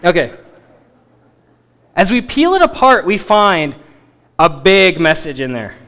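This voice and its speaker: A man teaching a Bible passage in a sermon, stressing key words emphatically and dropping to quiet asides. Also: high voice, big pitch swings, slow pace. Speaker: preacher.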